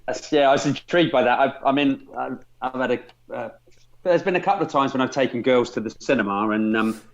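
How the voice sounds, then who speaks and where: A man's voice: mid-range voice, brisk, vocal fry. A man, a podcast guest, rambling through anecdotes with many restarts. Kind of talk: casual chat. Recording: dull lo-fi sound.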